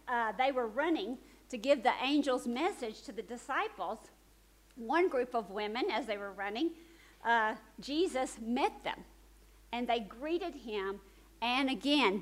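A woman preacher retelling a story in a sermon, swinging from urgent, animated telling to hushed, soft emphasis. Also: fairly high pitch, low-quality recording.

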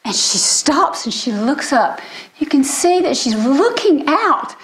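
A woman's voice: sits high, very animated, slow. An older woman with grandchildren, giving a sermon in an earnest storytelling way. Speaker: speaker.

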